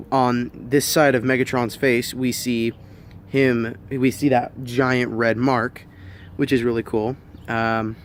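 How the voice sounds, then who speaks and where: A man's voice: medium pitch, a little hiss or hum. A man giving a casual spoken film review, hesitant, with many ums and restarts.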